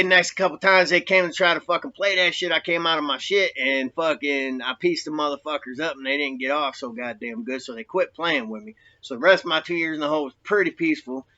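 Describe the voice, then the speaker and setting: A man's voice: medium pitch, sharp tone, lo-fi sound. A man casually telling a rambling, profane story about his time in prison, full of street slang.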